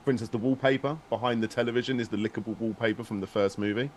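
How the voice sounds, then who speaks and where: A man's voice: medium pitch, little pitch movement, racing, a little mellow. A man telling a story in a casual stream chat, rambling and restarting as he goes. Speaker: guest, video maker.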